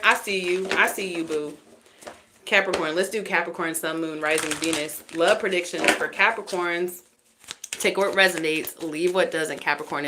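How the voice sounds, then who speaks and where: Lady doing a live tarot reading, kinda low voice, chatty, laughs a lot, jokes around. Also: pushed and bright, a little hiss or hum. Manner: chatty, laughs often, teasing asides. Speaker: tarot reader.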